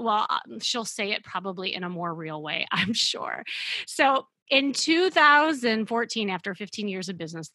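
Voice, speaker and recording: A middle-aged woman hosting a podcast, telling a client story as an animated, emphatic storyteller. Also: medium pitch, slightly rough, no echo. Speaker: podcast host and dating coach.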